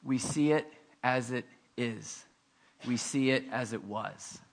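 A male pastor preaching a conversational, animated sermon with self-deprecating asides. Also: mid-range voice, slow pace, vocal fry.

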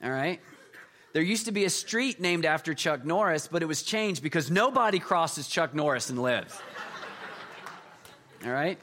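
A middle-aged man preaching a sermon, telling jokey stories and swinging between loud emphasis and quiet asides. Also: fairly high pitch, expressive, normal speed, long pauses. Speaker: pastor.

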